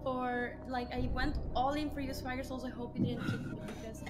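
A woman's voice: high-pitched, flat delivery, fairly quick, over music. A woman contestant on a dating game show, pleading her case earnestly and filling her speech with "like". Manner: earnest, with lots of "like".

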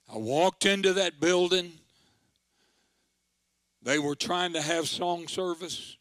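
A man's voice: fairly high pitch, measured pace, long pauses, dry recording. An older man, a country pastor telling a story in a sermon with folksy, dramatic delivery. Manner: folksy, dramatic, swells into forceful proclaiming.

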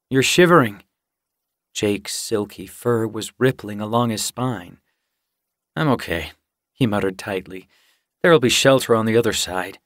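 Slow, even male audiobook narrator. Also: mid-range voice, no echo, studio quality. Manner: reads slowly and evenly, lifting his voice for dialogue. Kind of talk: scripted narration.

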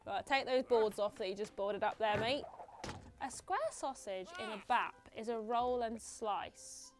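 Brief: young woman, female streamer, higher voice, rambling playful game chat, light music under. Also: unhurried. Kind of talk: live game commentary, chatting with viewers.

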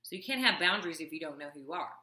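A woman's voice: low voice, animated, rapid-fire, bright, forceful tone, roomy sound. A woman coach talking to camera about her own past, earnest and confiding, with wry asides. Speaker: self-love coach. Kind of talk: personal talk to camera.

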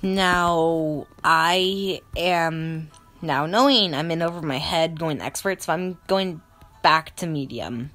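Woman, gamer, slow-talking, melodramatic, lowish voice, faint game music behind. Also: a bit bright. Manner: melodramatic, self-mocking. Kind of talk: let's play game commentary.

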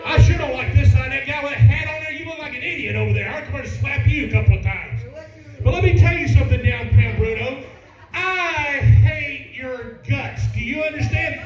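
Shouting heel manager, high voice. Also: male voice, fast, highs cut off. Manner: shouting insults at the crowd. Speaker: wrestling manager. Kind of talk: heel wrestling promo. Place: wrestling arena with crowd. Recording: echoey arena with loud crowd and music.

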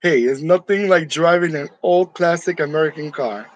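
A man's voice: on the high side, normal speed, no echo, highs cut off. A man from New York chatting casually with his viewers, joking and laughing often in a room decorated for Halloween. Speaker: channel host. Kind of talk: casual live chat with viewers.

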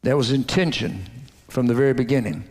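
A man preaching a sermon to his congregation in a folksy, animated way, calling out to the crowd. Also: mid-range voice, fairly quick, big-room sound. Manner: folksy, animated preaching with audience call-outs. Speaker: pastor. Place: church sanctuary.

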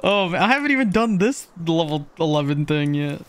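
A man streaming a game, reacting with excited, jokey commentary and frequent laughs. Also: a little high, a little fast, clear, resonant tone. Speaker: gaming streamer.

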